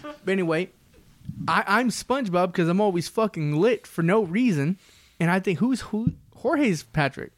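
A man co-hosting a podcast, teasing his friends and swearing in quick, joking banter. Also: sits high, animated. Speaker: podcast co-host.

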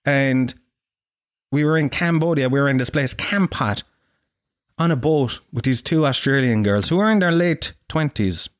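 A man's voice: mid-range voice, normal speed, dry recording, studio quality. An Irish man hosting a show, delivering a sarcastic, sweary, self-mocking comic monologue. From Ireland. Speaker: podcast host.

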